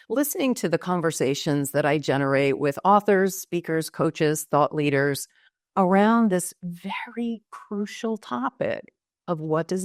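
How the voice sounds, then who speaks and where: A woman's voice: low voice, no echo, studio quality. A woman from the United States hosting a podcast interview, effusive and enthusiastic. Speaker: podcast host.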